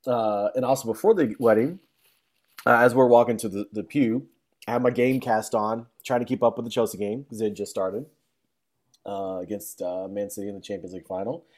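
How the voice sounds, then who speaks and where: Speaking a little fast with a steady, slightly mellow tone, a young guy meanders through a lengthy anecdote. Fillers crop up everywhere, and now and then he mimics what people said in a high, overdone voice.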